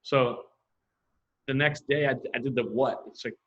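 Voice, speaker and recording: A man's voice: medium pitch, a little slow, lo-fi sound. A man, a graffiti artist telling stories in casual chat and acting out other people's lines. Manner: animated storyteller, acts out other people's lines in quotes. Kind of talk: casual storytelling.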